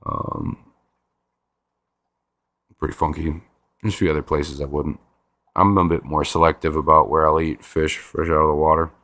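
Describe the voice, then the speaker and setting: Man, very deep voice, laid-back rambling livestream chat, dry close sound. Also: steady tone, moderate pace, long pauses, fairly bright tone, dry recording. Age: adult with a five-year-old. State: stiff sore neck. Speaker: livestream host. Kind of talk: casual chat reading viewer comments.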